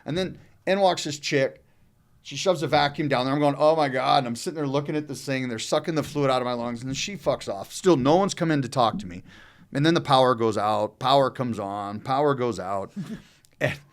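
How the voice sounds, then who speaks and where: A man's voice: mid-range voice, brisk. A middle-aged man casually telling a long, rambling story on a podcast, swearing often and talking loosely. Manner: rambling, profane, loose and animated.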